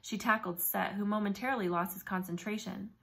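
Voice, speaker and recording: Woman narrator, audiobook reading, first-person story, brisk and vivid. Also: medium pitch, fairly even intonation, gravelly, a bit bright.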